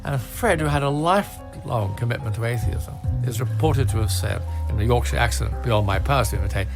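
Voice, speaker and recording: An older English man with a measured storytelling delivery, explaining a science story in a recorded talk. His voice sits at a middling pitch. Clear music plays underneath the clip. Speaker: physicist and cleric.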